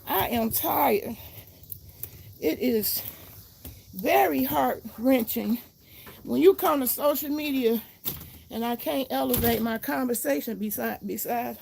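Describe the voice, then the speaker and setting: Casual livestream host, woman, outspoken ranting, gravelly voice. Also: on the high side, slow pace, pauses often, darkish tone, a little hiss or hum, poor audio. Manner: ranting, outspoken, swears freely. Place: garden outdoors, then indoors.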